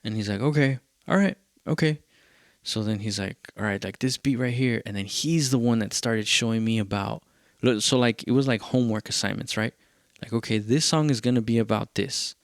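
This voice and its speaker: A young man hosting a podcast, telling a rambling story in casual, profane talk and acting out what others said in quick bursts. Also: lowish voice, fairly even intonation, no echo, clean studio sound. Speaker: podcast host.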